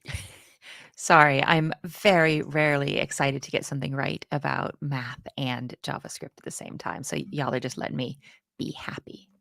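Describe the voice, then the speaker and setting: A woman chatting casually through a coding lesson, self-deprecating and quick to laugh. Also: very deep voice, level tone, creaky, fairly bright tone, no room sound, clean studio sound. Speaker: co-host learning to code. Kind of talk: casual live coding chat.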